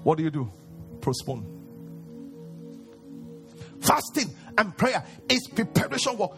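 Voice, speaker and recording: A man's voice: high voice, sing-song, takes it slowly, pauses often, music in the background. A man preaching a sermon in a sing-song, questioning style, asking the crowd to finish his lines.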